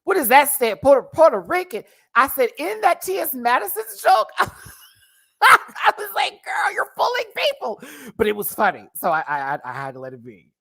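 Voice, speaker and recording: A man's voice: extremely high pitch, huge pitch swings, brisk, hardly any pauses, fairly bright tone. A man casually reviewing a drag show on a livestream, sassy and slangy, laughing often and playfully exaggerating.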